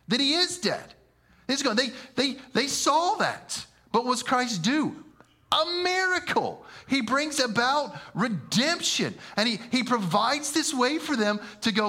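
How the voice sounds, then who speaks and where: A man preaching a sermon in an animated, conversational way, using slang and often stumbling over repeated words. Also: high-pitched. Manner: animated, conversational, with slang and frequent stammered restarts.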